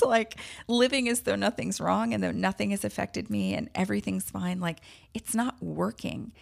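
A woman's voice: fairly low pitch, gravelly. A woman hosting a podcast, telling a personal story in a candid, emotional way with self-deprecating laughs. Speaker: podcast host.

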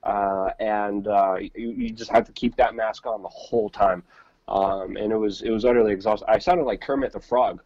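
A man's voice: on the low side, fairly even intonation, moderate pace, a little mellow, no room sound, muffled recording. A man co-hosting a podcast, chatting casually over a remote call with rambling, repeated words and many fillers. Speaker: podcast co-host reporting from the field. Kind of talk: casual live-stream chat.

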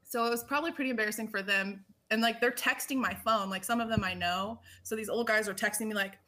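A woman in her thirties chats as a podcast guest, rambling through her stories with constant "like" fillers. Her voice sits a little high and sounds bright and forceful. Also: steady tone, fast. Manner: chatty storytelling with lots of "like". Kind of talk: casual chat.

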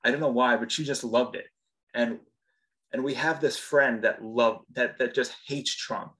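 A male voice actor talks shop in a relaxed podcast conversation. He circles around his points with ums and restarts, in an everyday mid-range voice. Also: medium pitch, measured pace, poor audio. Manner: chatty, many fillers and restarts. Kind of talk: casual interview chat.

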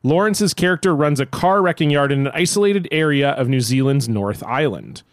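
A man's voice: fairly high pitch, moderate pace, no echo, studio quality. A man co-hosting a casual comedy podcast, joking and rambling as he reads things out and riffs with his co-host. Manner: joking, rambling, mock accent attempts.

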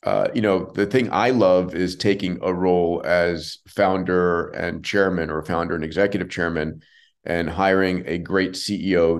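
A male podcast host with a very low voice. He explains ideas earnestly, in a conversational way, and affirms his guest often.

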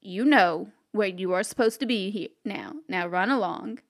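A woman's voice: medium pitch, voice pushed down, lightly acted. A woman voicing a stern, wary servant woman who scolds and speaks firmly. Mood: scolding. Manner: firm, scolding, drawn-out phrasing.

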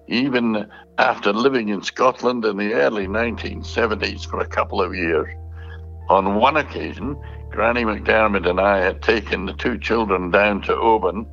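A man's voice: fairly low pitch, creaky, fairly bright tone. Man reading a letter, dull recording. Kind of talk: reading a written letter aloud.

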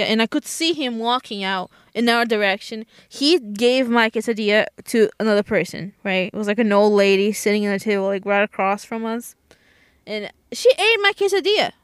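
A woman's voice: fairly high pitch, clear, resonant tone, no room sound, studio quality. A woman co-hosting a podcast, telling stories in casual chat and tagging lines with "you know" and "right?". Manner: chatty, self-described anxious, "you know" and "right?" fillers. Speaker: podcast co-host.

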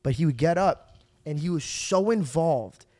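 A man hosting a podcast, telling long stories in a casual, animated way and acting out other people's lines. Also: fairly high pitch, normal speed, no echo. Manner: animated, acts out quoted voices, swears freely. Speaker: podcast host. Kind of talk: casual storytelling chat.

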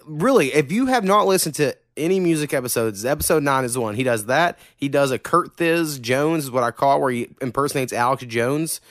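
A man's voice: mid-range voice, expressive, a little fast, hardly any pauses, a bit bright, no echo, studio quality. A young man from Oklahoma, hosting a podcast in loose, profane, filler-heavy chat. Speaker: podcast host. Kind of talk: casual chat.

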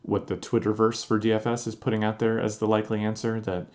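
A man co-hosting a sports podcast, explaining his views in a measured, casual way. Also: on the low side, little pitch movement, darkish tone. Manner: measured, explanatory, thinks aloud with fillers. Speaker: podcast co-host.

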